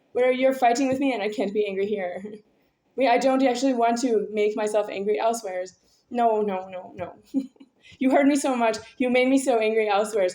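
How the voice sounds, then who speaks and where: A woman with a fairly high voice rambles through a personal monologue, halting over fillers and restarting her sentences. Her talk is intense and aggrieved. The recording is roomy and echoey. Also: darkish tone. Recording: echoey room.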